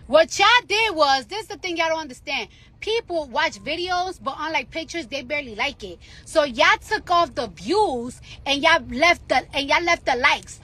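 A woman's voice: high voice, lively intonation, fairly quick, sharp tone. A woman in a heated, profane rant, repeating herself and swearing freely. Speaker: rapper ranting on social media. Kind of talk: angry rant in a clip.

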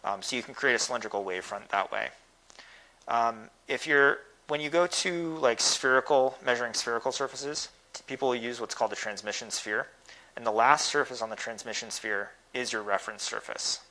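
Bright-voiced man answering technical questions. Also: mid-range voice, brisk, rough recording. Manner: thoughtful, technical, hesitant with fillers. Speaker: guest speaker answering questions. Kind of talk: academic Q&A.

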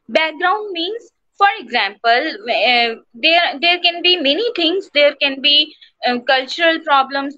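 A woman's voice: high-pitched, bright, forceful tone, dry recording. A woman teacher with an Indian English accent, lecturing an online class and explaining step by step, with frequent fillers and tag questions. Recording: slightly dull, dry sound.

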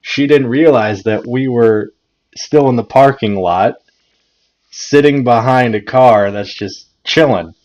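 A man's voice: mid-range voice, slow pace, a little mellow. A man hosting his own channel and telling a story in a laid-back way, chuckling and repeating words as he goes. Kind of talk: casual story time vlog. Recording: dull lo-fi recording.

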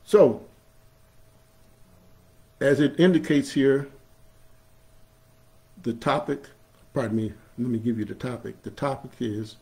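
An imam preaching a sermon in a mid-pitched male voice. He builds from a calm explaining tone to loud, drawn-out emphasis on key phrases, then chants scripture. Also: gravelly. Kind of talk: Friday sermon. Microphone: streamed live online.

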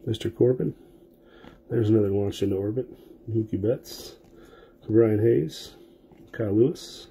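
A man's voice: fairly low pitch, measured pace, creaky, pauses often, mellow, a little hiss or hum. A man casually calling out player names and card finds as he opens packs during a live sports card break.

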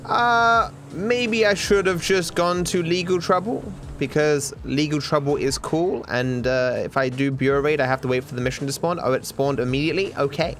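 A young man from Australia giving excitable, animated gameplay commentary, with frequent swearing. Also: fairly high pitch, moderate pace, hardly any pauses, a little hiss or hum. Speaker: gaming streamer.

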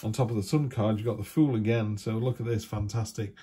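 A man's voice: on the low side, fairly even intonation, a little fast, warm tone, slight background noise. A man giving a chatty, rambling tarot reading full of asides. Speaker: tarot reader.

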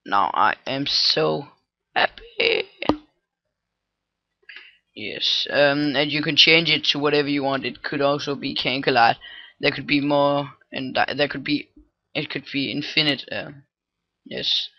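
A man thinking aloud through a casual coding tutorial, halting with many fillers and restarts, on a low-quality microphone. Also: fairly even intonation, no room sound, highs cut off. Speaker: scripting tutorial maker. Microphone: cheap computer microphone.

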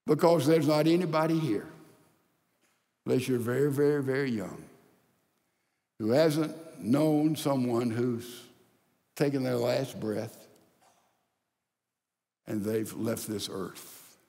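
An older man preaching a sermon as pastor, swinging from loud emphasis to hushed, near-whispered lines. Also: medium pitch, in a large hall. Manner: slow, deliberate delivery with long pauses.

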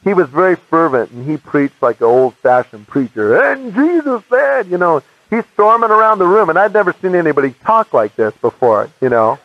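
An American man telling his personal faith testimony as an animated storyteller, acting out the voices of people he quotes. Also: a little high, dry recording. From United States. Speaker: evangelist giving his testimony. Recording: muffled dry archive recording.

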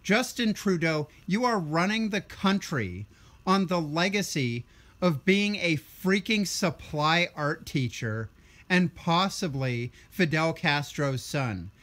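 A young man with a somewhat high voice delivers a blunt, sarcastic political rant. He sounds tired, with a ranting, combative edge throughout. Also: lively intonation, takes it slowly, a bit bright. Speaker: vlogger.

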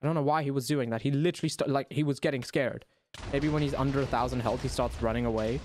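A young man giving excited, profanity-laced commentary while he plays a video game and taunts the enemy out loud. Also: medium pitch, fast talker. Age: young adult. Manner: excitable, swears, talks to the enemy. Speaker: gaming YouTuber. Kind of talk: live gameplay commentary. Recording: noisy game sound under voice.

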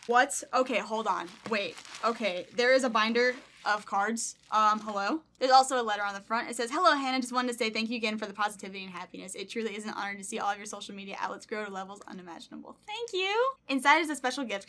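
In this upbeat, casual unboxing vlog, a young US streamer goes through her fan mail, delighted to the point of squealing and almost crying as she reads. She has a somewhat high, slightly bright voice.

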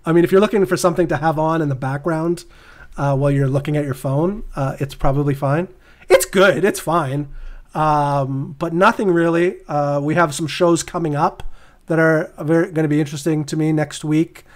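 A Canadian man co-hosting a podcast in a loose, rambling chat. His voice sits a little higher than most men's, and he laughs easily as he talks. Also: steady tone, normal speed. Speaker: podcast co-host. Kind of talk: casual chat.

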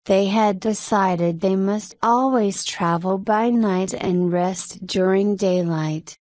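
A woman narrating a graded story for English learners in a slow, clear, measured reading. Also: mid-range voice, a little mellow, no echo.

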